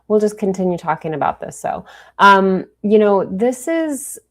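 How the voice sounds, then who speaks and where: A woman from Minnesota with a Minnesotan accent, co-hosting a live political talk show in a chatty, animated way. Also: medium pitch. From Minnesota, USA. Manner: chatty, animated, quick asides. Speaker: co-host.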